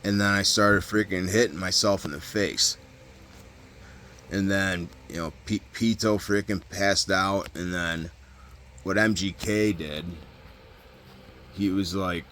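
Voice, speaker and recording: A man with a deep, low-pitched voice and a bright, forceful edge tells a story in a loose, casual monologue. He rambles, restarts his sentences and leans on fillers and swearing throughout. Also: steady tone, takes it slowly, long pauses. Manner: rambling, heavy fillers and profanity, frequent restarts. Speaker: vlogger recounting prison stories.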